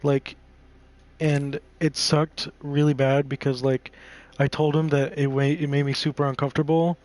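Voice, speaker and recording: A man's voice: a little high, flat delivery, normal speed, a little mellow. Rambling, profane young man venting. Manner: rambling, profane, heavy use of filler "like". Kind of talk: casual storytelling while gaming.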